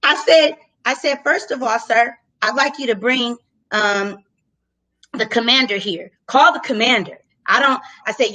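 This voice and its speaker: A woman with a high, piercing voice tells a story in casual conversation. She is animated and profane, and she acts out her own lines loudly. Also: normal speed, low-quality recording. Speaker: guest telling a story.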